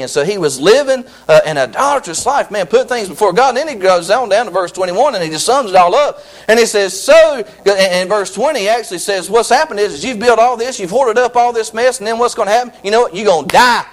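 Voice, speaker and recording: A pastor preaching with rising excitement, his voice pitched high and swinging widely. He repeats himself and restarts lines as he drives his points home. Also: fast talker, few pauses, low-quality recording. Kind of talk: sermon.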